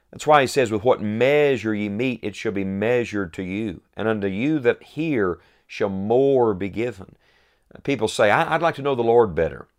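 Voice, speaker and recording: Earnest low-voiced male preacher. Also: darkish tone. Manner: earnest, emphatic, quotes scripture in old wording; slows for emphasis, rising repeated phrases. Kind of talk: sermon.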